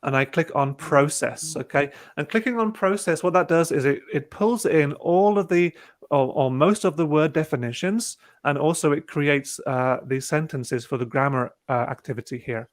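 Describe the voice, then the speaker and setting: A man presenting an online webinar, calmly talking through each click of a teaching tool step by step. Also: on the high side, normal speed. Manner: relaxed, talks through clicks step by step with fillers. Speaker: presenter demonstrating a teaching platform. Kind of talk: casual online webinar demo. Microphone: video call.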